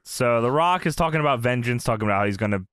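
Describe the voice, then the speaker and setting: A man's voice: medium pitch, racing, clear, resonant tone. A man casually recapping a wrestling show, swearing a lot and retelling the promos with laughter. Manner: profane, laughing, animated retelling with impressions. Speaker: podcast co-host.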